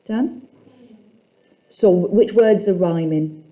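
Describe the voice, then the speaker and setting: A woman teacher leads a poetry lesson at an unhurried pace. Her voice is dark and mellow, and she questions the class and reads lines aloud slowly. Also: mid-range voice.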